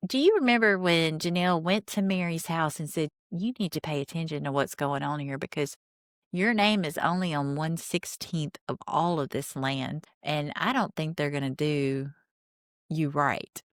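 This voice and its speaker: Low-voiced woman doing a podcast recap, blunt and sarcastic, dry close sound. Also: moderate pace, dry recording. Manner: opinionated, retells scenes with quoted lines, sarcastic asides. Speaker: podcast host recapping a reality show. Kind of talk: casual recap commentary.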